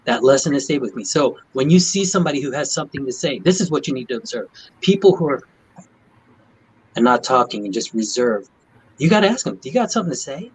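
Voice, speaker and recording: A man's voice: medium pitch, animated, a little fast, slightly rough, rough recording. A man who is a doctor, talking on a video panel and telling a personal story in an earnest way. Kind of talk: video call chat.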